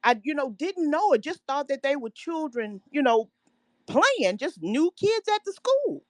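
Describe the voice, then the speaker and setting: A woman's voice: high-pitched, very animated, unhurried, no room sound. A woman calling in to a talk show, reminiscing in a rambling way with many fillers. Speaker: caller. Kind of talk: casual call-in conversation.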